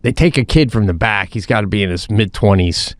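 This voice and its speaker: A man co-hosting a podcast, telling a casual story in an animated way, swearing and restarting his sentences. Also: lowish voice, fairly quick, no room sound, clean studio sound. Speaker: podcast co-host.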